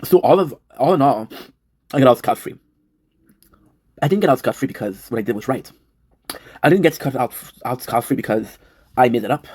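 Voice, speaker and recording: A man's voice: medium pitch, lively intonation, a little fast, pauses often, a little mellow, slightly rough. A man in his thirties on a livestream, telling a story at length, emotional and swearing, repeating himself. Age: 30s. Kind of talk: rambling confessional livestream talk.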